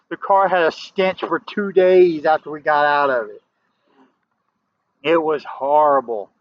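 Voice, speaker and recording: A man with a Southern US accent, telling a rambling story to camera in a casual vlog, often restarting and turning emphatic. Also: on the high side. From American South. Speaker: vlogger. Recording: dull lo-fi audio.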